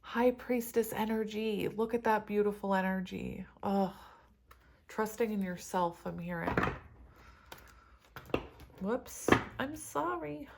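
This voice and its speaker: A woman's voice: mid-range voice, slow, vocal fry, long pauses, heavy background noise. A woman giving a casual tarot reading to her viewers, emotional and tearful, laughing often as she talks about spiritual love and energy. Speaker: tarot reader.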